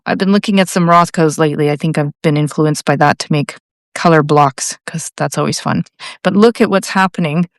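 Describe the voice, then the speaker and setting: Canadian woman painting along live, kinda low voice, chatty and excited about colours, dry close sound. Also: vocal fry, no room sound. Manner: chatty, enthusiastic, thinking aloud. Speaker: art tutor. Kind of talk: real-time painting tutorial.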